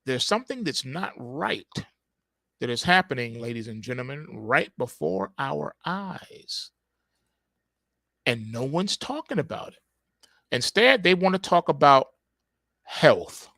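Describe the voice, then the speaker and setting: A man's voice: medium pitch, sing-song, measured pace, gravelly, long pauses, bright, forceful tone, no room sound. A man hosting a market report, delivering opinionated commentary with sarcastic, emphatic rhetorical questions.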